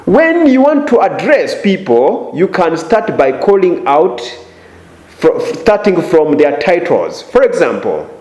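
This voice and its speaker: A man giving an English lesson at an unhurried, careful pace. His fairly high voice swings widely up and down as he models intonation. The room around him sounds noticeably echoey. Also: huge pitch swings, darkish tone. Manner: exaggerated rising intonation on example phrases. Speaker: English teacher. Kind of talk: slow, deliberate language lesson. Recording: roomy echo.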